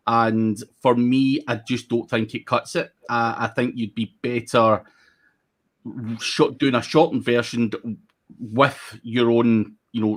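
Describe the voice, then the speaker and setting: A man speaking as a guest on a livestream panel, giving blunt, casual advice from his own experience. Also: medium pitch. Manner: blunt, talks from own experience, quick asides.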